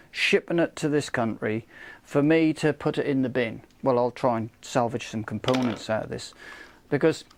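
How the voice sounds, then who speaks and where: A middle-aged man ranting casually about a cheap product, exasperated and swearing, with many "you know"s. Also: a little mellow. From United Kingdom. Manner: exasperated, swears, repeats "you know", rising pitch when angry. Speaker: vlogger reviewing a product.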